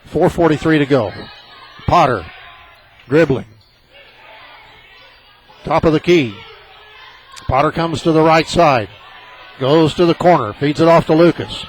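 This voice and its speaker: A man calling a high school basketball game on local radio, partisan and excitable, his voice jumping up on big plays. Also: measured pace, pauses often, rough recording. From southern Illinois. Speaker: play-by-play announcer.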